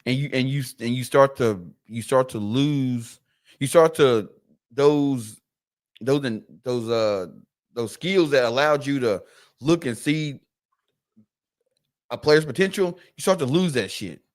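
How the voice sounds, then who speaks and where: A man's voice: medium pitch, slow, long pauses. A man co-hosting a podcast, chatting casually about sports, restarting phrases and acting out the people he quotes. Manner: animated storyteller, acts out quoted voices, repeats words. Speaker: podcast co-host.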